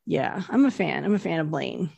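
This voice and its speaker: A woman co-hosting a podcast, retelling a TV episode scene by scene in relaxed, casual narration. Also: sits low, moderate pace, creaky, slightly rough, dry recording. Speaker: podcast co-host. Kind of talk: casual recap chat.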